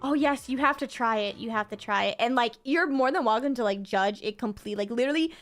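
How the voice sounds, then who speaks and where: Higher-voiced woman streamer, upbeat, chatty, lots of likes and ums. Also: brisk, soft background music. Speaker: streamer hosting a birthday stream. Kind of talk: casual chat.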